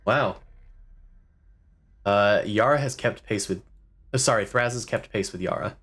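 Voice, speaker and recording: A man's voice: lowish voice, measured pace, a bit bright, slightly rough. A man acting as game master, loosely describing scenes and making rules calls. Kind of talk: running a tabletop game.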